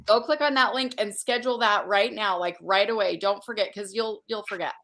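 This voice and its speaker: A woman's voice: medium pitch, a little fast, fairly bright tone. A woman hosting a livestream conference, chatting casually and effusively while reading out viewer comments. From Utah. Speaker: conference host.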